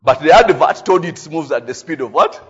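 A Ugandan man preaching a sermon in a husky, slightly raised voice. He spins stories with constant "eh?" tags and frequent laughter. The recording sounds muffled and lo-fi. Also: fairly high pitch, a little fast. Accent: Ugandan English. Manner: animated storytelling, frequent "eh?" tags, laughing often. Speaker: pastor.

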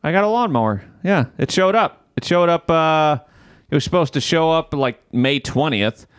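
A man hosting a podcast tells a story in casual chat, swearing freely and acting out his own exasperation. His voice is fairly high, clear and resonant, with lively intonation at a moderate pace, in a dry, clean studio recording.

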